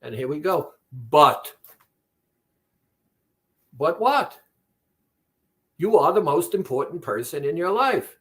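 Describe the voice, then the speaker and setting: Slow, deliberate male weight-loss coach. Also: fairly high pitch, very animated, fairly bright tone. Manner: slow, deliberate, retells conversations with quoted dialogue. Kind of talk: reflective monologue.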